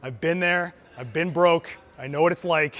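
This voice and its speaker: This photographer's voice leans high and a bit bright, moving at a moderate pace. He's demonstrating gear live at a trade show, teaching in a relaxed, enthusiastic, talkative way.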